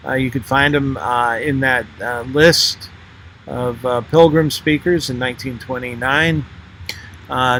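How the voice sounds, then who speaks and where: An older man talking through old photographs and his memories, pausing often, with many fillers and restarts. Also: medium pitch, pushed and bright, a little hiss or hum, low-quality recording. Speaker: former member narrating a history video. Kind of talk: unscripted spoken commentary over photos.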